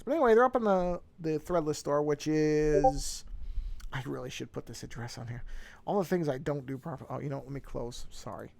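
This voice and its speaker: A man with a gravelly, fry-laden voice pitched a bit on the higher side chats casually to his livestream viewers from a home office desk. He rambles, restarts sentences and repeats little words as he goes. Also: a little mellow. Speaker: streaming artist. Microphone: desk microphone.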